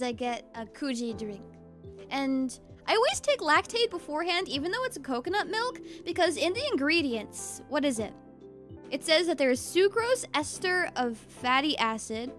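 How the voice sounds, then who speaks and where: A woman's voice: sits high, a bit bright. A woman streamer chatting casually with her viewers, bubbly and giggly, reading chat aloud.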